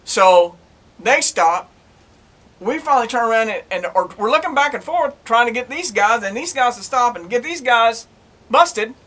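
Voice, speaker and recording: A man's voice: extremely high pitch, moderate pace. A middle-aged man, a former police officer telling his stories to his own camera in a plainspoken, folksy way. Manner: folksy, plainspoken, animated retelling. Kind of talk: casual storytelling to camera.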